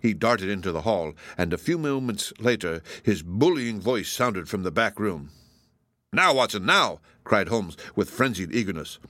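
A man reading a mystery story aloud in a measured, even narration. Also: on the low side, no room sound. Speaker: audiobook narrator.

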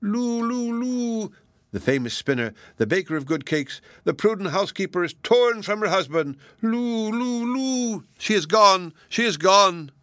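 A man voicing a sly, hungry male fox in a storybook, coaxing and wailing in a high singsong. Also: very animated, moderate pace, dry recording, close to an everyday voice.

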